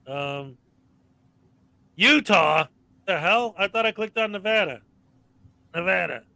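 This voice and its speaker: A man's voice: high-pitched, animated, takes it slowly, creaky, bright, forceful tone, low-quality recording. A man co-hosting a casual live-stream chat, ranting and reeling off long lists of names.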